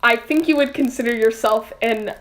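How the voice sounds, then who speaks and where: A young woman co-hosting a podcast in casual chat, with a dry, offhand, halting way of talking. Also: fairly high pitch. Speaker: podcast co-host.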